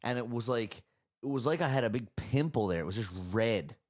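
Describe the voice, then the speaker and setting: A man's voice: medium pitch, a little fast, no room sound, studio quality. A man telling a story in casual chat, often ending his sentences with a tag question. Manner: relaxed, tags sentences with "right?". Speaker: podcast host.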